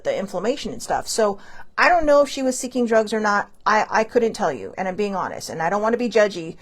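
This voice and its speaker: A middle-aged woman hosting a show, telling a personal story in a candid, animated way and swearing freely when indignant. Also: medium pitch. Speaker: podcast host. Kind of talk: casual storytelling monologue.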